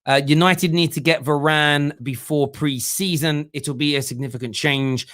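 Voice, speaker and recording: A man's voice: on the high side, steady tone, moderate pace, fairly bright tone. A young man hosting a casual football fan live stream, joking and reading viewers' comments aloud. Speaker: fan channel host.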